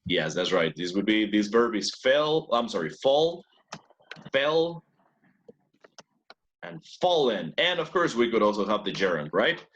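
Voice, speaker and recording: A man's voice: lowish voice, very animated, unhurried, pauses often, a bit bright, highs cut off, slight background noise. A man teaching an English class who praises students often, repeats their answers and switches between English and Spanish.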